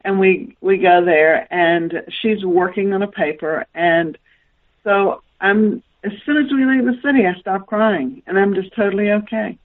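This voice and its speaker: A woman's voice: medium pitch, a little slow. A woman from the American South with a Southern accent, a guest telling a long, rambling personal story in a radio interview. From Southern United States. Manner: rambling, animated storytelling with laughs. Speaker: guest author. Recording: tinny phone line.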